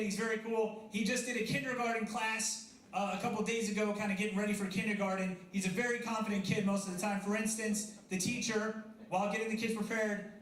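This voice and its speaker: On a coffee house stage before a live audience, a man in his thirties does a chatty, self-deprecating stand-up set and banters with the crowd. His voice is high-pitched and a bit bright, and the room is echoey with the crowd audible.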